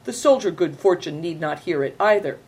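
A woman voicing a sly, courteous Mongol horseman who speaks with smooth, flowery politeness. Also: lowish voice, expressive, brisk, darkish tone.

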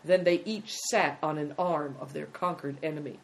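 A woman with a fairly low voice narrating a storybook. Her reading is steady and measured. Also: creaky.

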